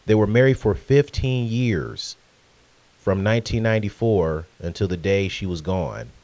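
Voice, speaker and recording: A man's voice: fairly low pitch, expressive, measured pace, darkish tone, dry recording. A man in his twenties talking in a casual, conversational vlog tribute, with fillers and asides. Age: 20s. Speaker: vlogger.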